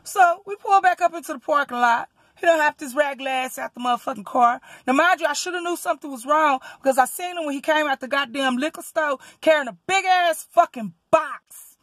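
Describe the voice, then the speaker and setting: Woman, southern accent, high voice, dry close sound, profane animated storytelling. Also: brisk, dry recording. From Texas, US. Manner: profane, animated, acts out quotes loudly. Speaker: rideshare driver vlogger. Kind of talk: casual storytelling rant.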